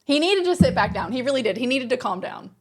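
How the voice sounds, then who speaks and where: Animated woman streamer, higher voice. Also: fast talker, faint music behind. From Australia. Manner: animated, exasperated, swears freely. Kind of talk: casual storytelling to a live chat.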